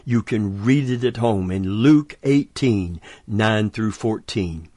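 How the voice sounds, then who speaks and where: A man's voice: fairly low pitch, slow, mellow, dry recording, studio quality. A man preaching a sermon, emphatic and chuckling between points.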